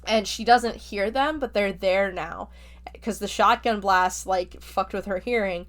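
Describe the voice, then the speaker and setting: A woman's voice: mid-range voice, a little slow. Chatty woman podcast host retelling a story. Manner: chatty, filler-heavy retelling. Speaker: podcast host reviewing a book. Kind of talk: casual spoken plot summary.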